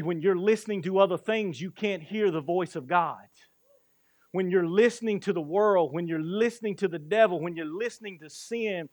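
A man preaching a sermon as pastor, impassioned, his voice rising and falling with quick bursts. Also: a little high, no echo, studio quality.

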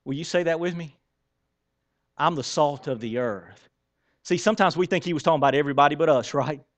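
A pastor delivers a sermon, talking to the congregation in a conversational, animated way. He jokes at his own expense between scripture readings. His voice sits a little higher than most men's. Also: fairly quick. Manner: conversational, animated preaching with self-deprecating asides. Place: church sanctuary.

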